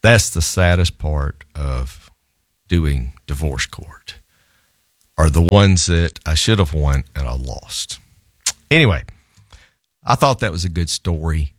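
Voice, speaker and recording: A middle-aged man, a divorce lawyer, telling an animated anecdote in conversation, often laughing and repeating words. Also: a bass voice, slow pace, long pauses, dry recording, clean studio sound. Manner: lively storyteller, laughs often, repeats himself.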